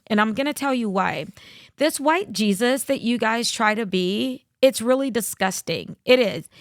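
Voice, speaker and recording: A woman's voice: medium pitch, gravelly, dry recording, clean studio sound. A woman talking straight to viewers in a blunt, lecturing opinion commentary.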